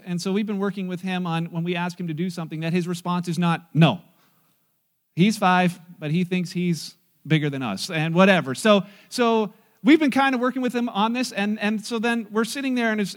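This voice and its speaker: A man in his forties preaching in a loose, conversational way, his voice sitting fairly high for a man. He tells family stories with lively energy, acts out other people's voices and laughs along. It sounds like a pastor talking easily with his congregation. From North America. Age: 40s. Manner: animated storytelling, acting out voices, laughing.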